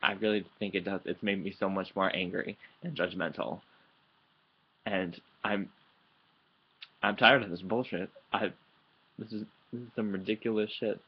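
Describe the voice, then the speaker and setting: A man's voice: lowish voice, fairly even intonation, normal speed, long pauses, husky, lo-fi sound. A man ranting angrily into his computer late at night, heated and profane, rambling and restarting his sentences. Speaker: vlogger. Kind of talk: angry vlog rant. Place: indoors at home, late at night. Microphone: computer microphone.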